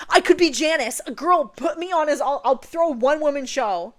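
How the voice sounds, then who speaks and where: A woman's voice: high-pitched, a little fast. A young woman chatting playfully while seated, often checking in with "okay?". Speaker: vlogger. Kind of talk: casual chat.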